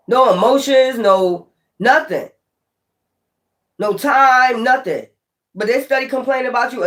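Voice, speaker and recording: A tarot reader talks straight to viewers in a live reading. The delivery is blunt and peppered with swearing. Points get repeated and pressed hard. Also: medium pitch. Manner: blunt, profane and emphatic, with lots of repetition.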